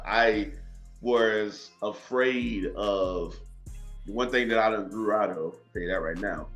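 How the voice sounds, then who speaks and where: A lower-voiced man with a Southern accent, a little tipsy, rambling loosely and cursing casually in bar-side podcast chat. The sound is dull and lo-fi, with faint music underneath. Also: fairly bright tone. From South Carolina. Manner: rambling, laughs often, swears freely. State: tipsy from drinking. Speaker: guest, movie reviewer.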